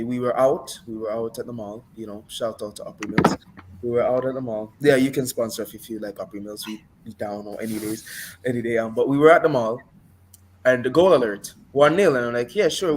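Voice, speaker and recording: Guy on a football podcast, playful and over the top, telling stories, faint hiss in the back. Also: mid-range voice. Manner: animated storyteller, playful exaggeration. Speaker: podcast co-host. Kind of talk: casual sports chat. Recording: faint background noise.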